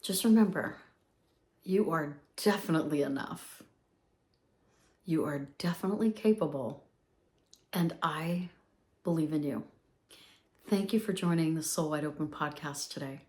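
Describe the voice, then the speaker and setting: A woman's voice: low voice, a little slow, pauses often, darkish tone. A woman in her fifties hosting a motivational podcast, talking in an upbeat, emphatic way and repeating phrases for effect. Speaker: podcast host.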